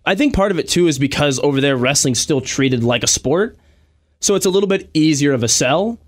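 A man's voice: fairly high pitch, a little fast. A man, a guest pro wrestler, chatting casually and telling stories with lots of fillers. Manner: animated storytelling, many fillers and laughs. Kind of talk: casual podcast chat.

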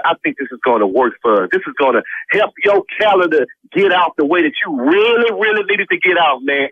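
A man's voice: fairly high pitch, breathy edge, no echo. A man on the phone, indignant and heated, who keeps tacking "man" onto everything he says. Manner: indignant, repeats "man" constantly. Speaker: prank call target. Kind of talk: phone conversation. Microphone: telephone. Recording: dry phone line.

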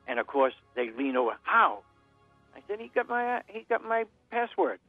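Elderly New caller on a phone line, lively pitch, rambling, joke-telling. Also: male voice, fast talker, music in the background. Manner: rambling storyteller with corny one-liners. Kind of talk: phone-in chat.

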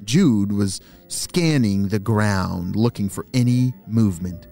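A man's voice: lowish voice, slow pace, creaky, hardly any pauses, mellow, soft background music. A man hosting and narrating children's stories in an enthusiastic, playful way. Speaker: children's storyteller and host. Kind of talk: animated story narration for kids.

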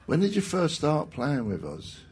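A man interviewing a guest, asking questions in a halting way as he searches for words. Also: fairly high pitch, wildly swooping pitch, darkish tone, slightly rough. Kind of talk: casual interview.

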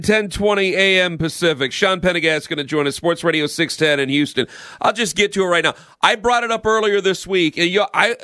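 High, bright-voiced ranting radio host. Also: male voice, dry recording, studio quality. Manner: blunt, ranting, sarcastic. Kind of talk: sports talk radio monologue.

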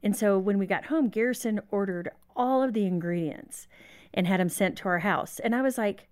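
A woman's voice: medium pitch, normal speed, a little mellow. Reflective woman giving marriage advice. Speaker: marriage speaker, guest. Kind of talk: conversational advice.

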